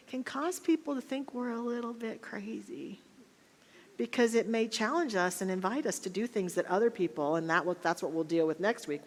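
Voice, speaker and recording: A woman minister giving a sermon, telling personal stories in an animated, self-mocking way. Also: fairly high pitch. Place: church sanctuary. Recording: long hall reverb.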